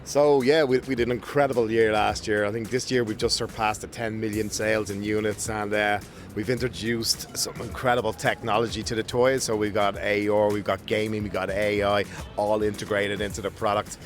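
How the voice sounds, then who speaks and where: An Irish man with a lowish voice talks up his company with eager, upbeat enthusiasm. He is being interviewed on a trade show floor, and faint music plays in the background. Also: level tone, brisk. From Ireland. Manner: enthusiastic, upbeat sales talk. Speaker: toy company representative.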